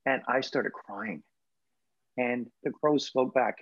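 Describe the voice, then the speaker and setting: A man in his sixties who grew up in England but speaks with a Canadian accent recalls personal stories in an interview, reflective and emotional, laughing at times. His voice is medium-pitched at a moderate pace, and the recording sounds muffled.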